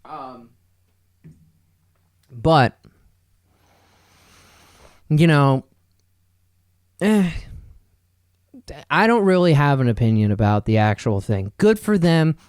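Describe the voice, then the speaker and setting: A man's voice: fairly high pitch, big pitch swings, slow pace, pauses often, darkish tone, smooth, no room sound. Man, podcast host, casual rambling chat, dry close mic. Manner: rambling, joking, full of fillers and asides.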